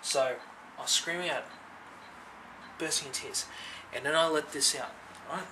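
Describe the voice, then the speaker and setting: This male vlogger, from a Filipino family, recounts a personal testimony to camera at a moderate pace in a voice on the high side, pushed and bright. Earnest and conversational, he fills his speech with fillers and asks "right?" after points. The audio is poor, with slight background noise.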